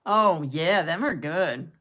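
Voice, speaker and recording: A woman's voice: lowish voice, a bit bright. An older woman rambling in casual chat with her viewers, laughing at her own jokes as she goes. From southern United States. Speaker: live-stream host chatting with viewers.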